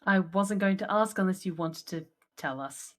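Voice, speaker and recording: Woman player in a tabletop game, polite and calm, normal middle pitch. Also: moderate pace. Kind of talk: tabletop role-play.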